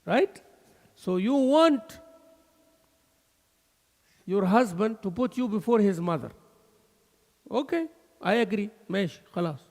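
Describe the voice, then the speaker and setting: Animated man teaching in an echoing mosque. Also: high voice, unhurried, long pauses. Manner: animated, switching between English and Arabic, laughing asides. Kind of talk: mosque lesson. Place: mosque hall.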